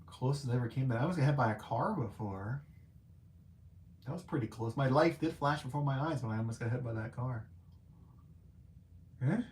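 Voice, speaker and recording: A man hosting a casual live-stream movie review, chatty and animated, with lots of filler words and playful self-mocking asides. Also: medium pitch, normal speed, long pauses.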